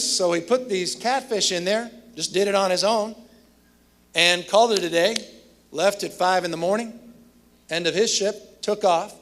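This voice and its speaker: A man gives a commencement speech, telling emphatic stories laced with self-deprecating humor. His voice is high-pitched and a bit bright.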